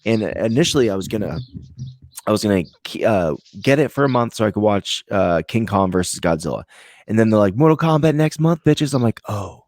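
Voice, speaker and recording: A man's voice: on the low side, fairly quick, no room sound, studio quality. A man from Vermont co-hosting a podcast, chatting casually in a rambling, joking way with a lot of swearing. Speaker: podcast co-host. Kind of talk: casual chat.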